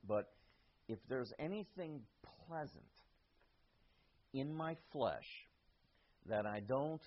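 A man preaches through a text verse by verse, taking his time and restating each line in everyday words. His voice is husky and a bit low. The recording sounds dull and lo-fi. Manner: slow, deliberate, voices the speaker of the text in first person. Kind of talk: verse-by-verse sermon.

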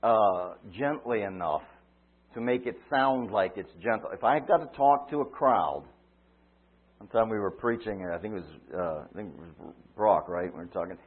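A man preaching a sermon, retelling a story dramatically, swinging from loud cries to quiet asides. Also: fairly low pitch, normal speed, breathy edge. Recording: tinny phone-like line.

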